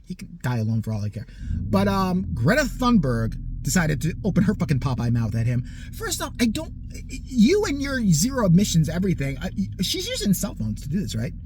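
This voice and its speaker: A man's voice: high-pitched, wildly swooping pitch, fairly quick, noisy background. A man in his forties delivering a profane, mocking comedic rant in a heated way. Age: 40s. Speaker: comedic ranter.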